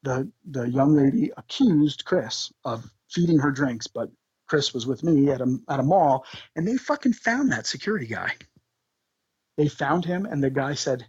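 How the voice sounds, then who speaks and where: A man, a podcast guest, telling tour stories in an animated, swearing, laughing way. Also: medium pitch, normal speed, slightly rough, no room sound, dull audio. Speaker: podcast guest, band member. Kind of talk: casual storytelling.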